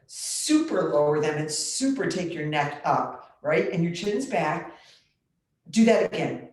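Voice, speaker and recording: A woman yoga instructor guiding a chair yoga class with calm, step-by-step instructions, clearing her throat now and then. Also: mid-range voice. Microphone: computer mic. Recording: very echoey room on a computer mic.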